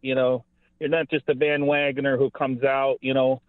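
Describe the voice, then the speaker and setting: A man's voice: medium pitch, level tone, moderate pace, no echo. A man in his fifties from Buffalo, calling into a radio show and talking earnestly in a rambling way, full of "you know.". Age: 50s. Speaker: caller. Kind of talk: call-in radio chat. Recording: tinny phone line, dry.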